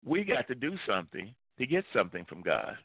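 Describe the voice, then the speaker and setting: A man's voice: mid-range voice, wildly swooping pitch, a little fast, gravelly, breathy edge, dry recording. A male pastor preaching a sermon with emphasis, repeating key phrases. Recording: tinny phone-like line, dry.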